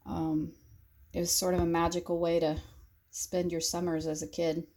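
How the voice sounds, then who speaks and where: Gravelly-voiced woman reminiscing in a vlog. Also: lowish voice, flat delivery, normal speed, mellow. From southern Indiana. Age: 40s. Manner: rambling, fond reminiscing with frequent fillers. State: choked up. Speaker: craft vlogger. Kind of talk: casual vlog tour. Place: outdoor craft shed, windy.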